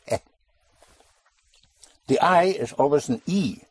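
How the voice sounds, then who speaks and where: A man teaching a spoken language lesson to a student, explaining slowly and deliberately and repeating key sounds. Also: on the high side, animated, breathy edge, dry recording.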